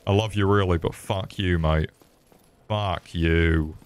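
Lower-voiced man joking on stream. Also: fairly even intonation, takes it slowly, clean tone. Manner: crude joking banter with chat. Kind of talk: casual gameplay commentary. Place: home room. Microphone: desk microphone.

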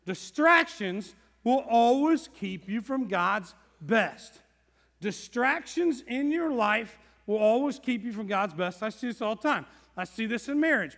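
Guy preaching in a church, lively, acts stuff out, echoey hall. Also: high voice. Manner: animated, acts out quoted voices. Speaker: pastor. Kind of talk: sermon. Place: church sanctuary.

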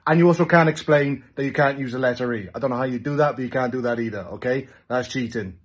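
A man's voice: medium pitch, fast, breathy edge, lo-fi sound. A man leaving a laid-back, casual video message with a challenge. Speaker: comedy sketch creator.

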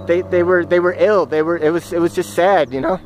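Earnest, halting man outdoors. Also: high-pitched, steady tone, noisy background. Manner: earnest, halting and reflective, often restarting phrases. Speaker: vlogger. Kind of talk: personal reflection vlog. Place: outdoors, walking in the countryside.

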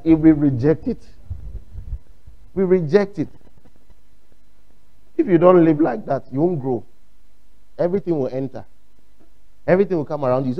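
A man's voice: fairly high pitch, fairly quick, long pauses, dark tone, dull audio. A man with a Ghanaian English accent preaching a sermon, emphatic and repeating his points, acting out quotes. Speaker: pastor.

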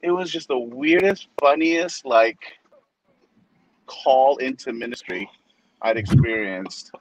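A pastor in his forties in casual chat, an animated storyteller who acts out the people he quotes. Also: medium pitch, takes it slowly, slight background noise, rough recording.

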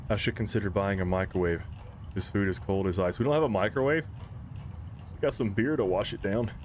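A man's voice: lowish voice, brisk, a little hiss or hum. A man hosting a horror game playthrough, reacting with nervous exclamations and pleading. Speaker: gaming channel host.

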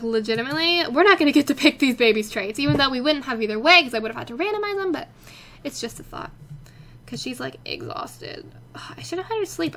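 A young woman hosting a casual let's play, chatty and excitable, talking to the characters on screen. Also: high voice, slight background noise. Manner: chatty, excitable, talks to her game characters. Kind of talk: casual game commentary.

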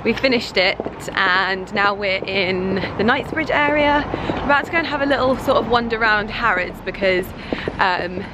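Chatty young woman vlogging out and about. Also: mid-range voice. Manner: chatty, excitable, with frequent fillers. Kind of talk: casual vlog chat. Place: out and about in shops, streets and a bridal boutique. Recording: noisy street and shop audio.

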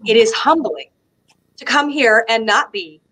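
A middle-aged woman from the United States with a Southern American accent, telling lively stories as a guest and laughing often. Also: a little high, measured pace, rough recording. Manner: animated storyteller, laughs often. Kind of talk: casual conversation on a live stream.

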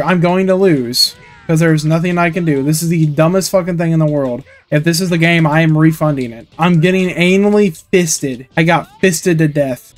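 Excitable, foul-mouthed young man gaming. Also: fairly high pitch. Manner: excitable, swears a lot, rants at the game. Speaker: gaming YouTuber. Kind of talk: let's-play commentary. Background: faint game music.

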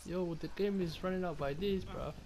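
A young man giving slangy, excitable gameplay commentary and swearing often. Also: high-pitched, moderate pace, noisy background. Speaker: gaming YouTuber.

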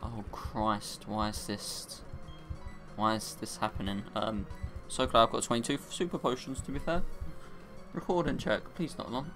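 A young man giving casual gameplay commentary, excitable and crying out in high-pitched dismay when things go wrong. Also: a little slow, music in the background. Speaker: let's play gamer.

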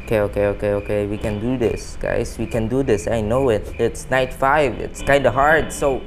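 A man hosting a gaming channel gives let's-play commentary. He is excitable and panicky, counts aloud, and keeps talking to his viewers. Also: mid-range voice, moderate pace. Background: game music.

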